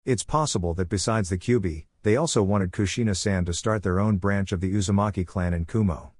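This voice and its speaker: A man's voice: low voice, brisk, darkish tone, no echo, clean studio sound. A man voicing an earnest young female ninja healer, in a plain reading voice. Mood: explaining.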